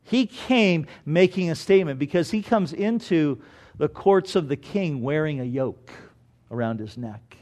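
Animated, higher-voiced male preacher. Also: measured pace. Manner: animated storytelling, rising loud for emphasis then dropping low. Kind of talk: sermon.

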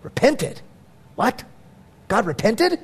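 Male pastor, sermon, conversational, emphatic, high-pitched. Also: very animated, takes it slowly, creaky, slightly rough.

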